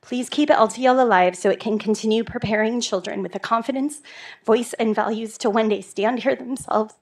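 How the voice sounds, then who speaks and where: A woman's voice: on the high side, normal speed. Woman, earnest, pleading, prepared statement, board meeting. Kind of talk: prepared public comment. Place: school board meeting room.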